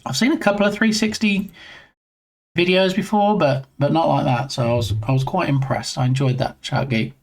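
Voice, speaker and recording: A man's voice: fairly high pitch, normal speed, vocal fry. A man streaming live and chatting casually with his viewers in a rambling way, greeting them by name.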